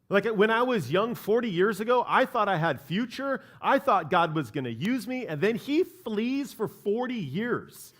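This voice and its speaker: A man's voice: sits high, expressive, moderate pace, fairly bright tone. A man preaching a sermon as pastor of a church, talking in a casual, conversational way and often checking in with "right?". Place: church sanctuary.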